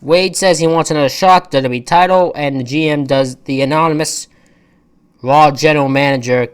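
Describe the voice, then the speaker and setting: A man's voice: on the high side, steady tone, normal speed, clean tone. A man giving a casual, rambling wrestling-show recap, full of opinionated and exasperated asides. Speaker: wrestling reviewer.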